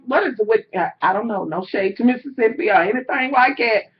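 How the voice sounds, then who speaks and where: A woman telling a story to camera in casual vlog chat, loud and animated, with a lot of cursing and slang. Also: fairly high pitch, fairly quick, few pauses. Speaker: vlogger. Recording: slightly dull lo-fi home recording.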